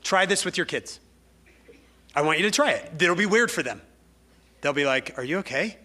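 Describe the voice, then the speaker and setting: Bright-voiced man teaching a lively class. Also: fairly high pitch, normal speed. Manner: animated storyteller who acts out dialogue. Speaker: class lecturer. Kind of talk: lively classroom talk with anecdotes.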